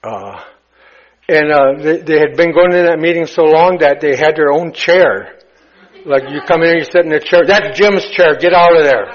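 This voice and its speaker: Halting man telling his recovery story. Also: a little high. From United States. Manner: halting storyteller, many fillers and restarts. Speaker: recovery meeting speaker. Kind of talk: personal recovery story told to a crowd. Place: retreat meeting hall. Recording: dull lo-fi talk recording.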